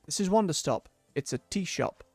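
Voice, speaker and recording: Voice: mid-range voice, lively intonation, normal speed, darkish tone, no echo, studio quality, faint music behind, voice pushed up. A streamer reading the lines of a patient, matter-of-fact tea-shop keeper in a near-natural voice.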